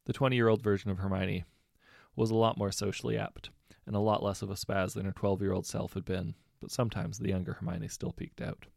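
A man narrating a fan fiction audiobook in a steady, wry storytelling manner. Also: fairly low pitch, brisk, gravelly, dry recording, clean studio sound.

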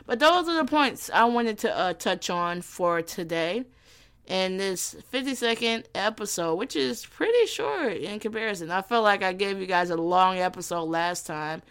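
A woman's voice: mid-range voice, clear, resonant tone. A young woman from Gary, Indiana, hosting her own podcast in a brash, profane, teasing comedic monologue. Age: young adult. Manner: brash, profane and animated, quick to tease. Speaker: podcast host.

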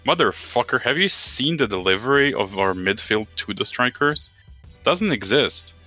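A man's voice: mid-range voice, animated, normal speed, bright, forceful tone, soft background music. A man co-hosting a casual football podcast, ranting in an exasperated way and swearing often. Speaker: podcast co-host.

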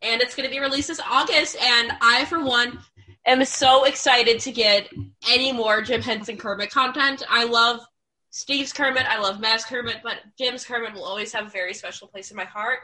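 A young woman co-hosting a fan podcast in easy, joking chat. Her voice is bright and pitched slightly high, and she often restarts her sentences and leans on fillers. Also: steady tone, moderate pace, low-quality recording. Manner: chatty, jokey, with frequent restarts and fillers. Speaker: podcast co-host.

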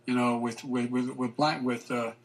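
A man's voice: medium pitch, little pitch movement. Guy giving a speech, keeps stopping and restarting, lots of uhs. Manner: halting, many restarts and fillers. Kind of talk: public speech.

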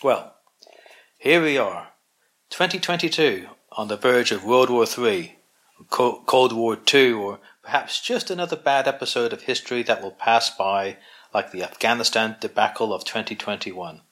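A man's voice: medium pitch, expressive, normal speed, a bit bright. A man hosting his own collection, reading an opinion essay aloud with wry, sardonic asides and the odd stumble over a word. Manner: occasional stumbles over words.

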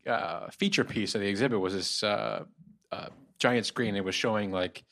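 A man's voice: lowish voice, normal speed, a bit bright. A man co-hosting a podcast, telling a long, rambling story in casual chat. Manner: rambling, full of fillers and restarts. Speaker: podcast co-host.

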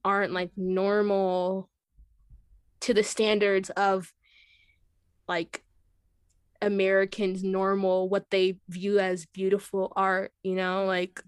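A young woman talks as a podcast guest, quick and casual and full of fillers. Her voice sits in a middle range. The sound is close and dry, with no room echo. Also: mid-range voice, clear, resonant tone. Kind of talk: casual conversation.

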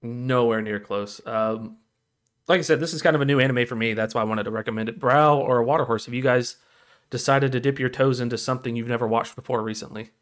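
A man's voice: mid-range voice, fast, a bit bright. A man co-hosting a casual podcast chat, rambling and laughing at his own stories. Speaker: podcast co-host.

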